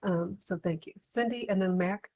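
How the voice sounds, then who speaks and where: A woman chairing a school council meeting, measured and calming. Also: mid-range voice, low-quality recording. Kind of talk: moderating a meeting.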